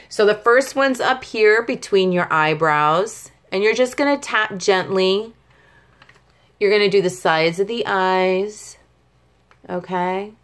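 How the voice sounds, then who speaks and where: A middle-aged woman patiently teaching a tapping technique step by step, often checking in with the listener. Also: on the low side. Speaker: tapping instructor. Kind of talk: step-by-step demonstration lesson.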